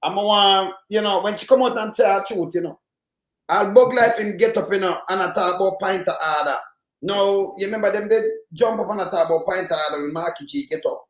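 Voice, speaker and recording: A man's voice: high-pitched, fairly quick. Emphatic Jamaican man host, echoey. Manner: rambling, emphatic, patois-heavy. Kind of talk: casual political commentary. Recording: echoey room.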